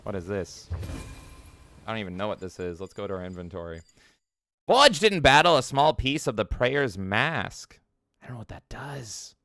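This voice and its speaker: A man's voice: lowish voice, very animated, moderate pace, pushed and bright, no room sound, clean studio sound. A man streaming a video game, giving rambling, casual commentary with frequent swearing and jokes. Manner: rambling, swears freely, jokey.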